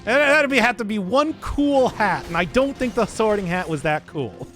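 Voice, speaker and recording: A man's voice: high voice, lively intonation, moderate pace, fairly bright tone, faint music behind. A man streaming a game, rambling in casual commentary and laughing at his own jokes.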